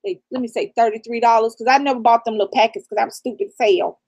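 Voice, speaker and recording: Blunt high-voiced woman giving real talk. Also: fairly even intonation, fast talker, a little mellow. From raised in the American South. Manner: blunt, profane, preachy real talk with laughter. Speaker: channel co-host. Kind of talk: casual live-stream chat.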